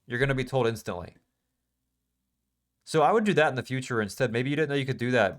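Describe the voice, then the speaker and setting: A man's voice: mid-range voice, fairly bright tone. Casual emphatic male trading teacher. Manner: casual, emphatic, repeats phrases, asks questions. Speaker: trading instructor. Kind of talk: live class walkthrough.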